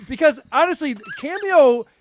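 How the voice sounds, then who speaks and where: A man's voice: extremely high pitch, lively intonation, normal speed, slight background noise. A man, a podcast co-host on as a guest, chatting casually and laughing easily while he tells stories. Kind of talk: casual chat.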